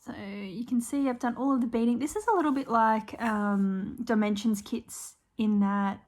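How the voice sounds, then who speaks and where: A chatty, warm Australian woman who vlogs about stitching talks in a fairly high voice with fairly even intonation and a moderate pace. Her casual show-and-tell chat is sprinkled with frequent ums and apologies.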